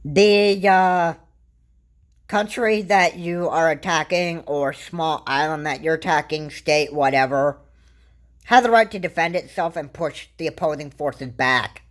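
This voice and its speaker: A woman vlogger offers loose, casual commentary on her political views. Her voice is low and unhurried, and her thoughts ramble and stall, full of fillers and repeated restarts.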